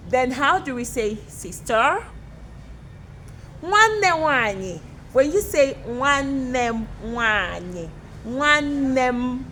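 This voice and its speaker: A woman teacher leads a playful beginner language lesson with a fairly high voice. She speaks very slowly, drawing each word out and repeating it for her learners. She is recorded outdoors with faint noise behind her. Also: a bit bright. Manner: slow, drawn-out, repeats words for learners.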